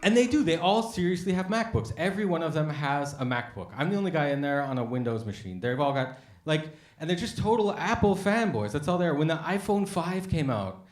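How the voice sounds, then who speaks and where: An American man on stage doing a stand-up comedy set, with a voice that sits a bit high for a man. He talks in a loose, conversational way and slips into voices for the people in his stories. The sound bounces around an echoey café room. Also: very animated, fairly quick, few pauses. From United States. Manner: conversational storytelling with acted-out voices. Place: café stage with a live audience. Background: audience laughter.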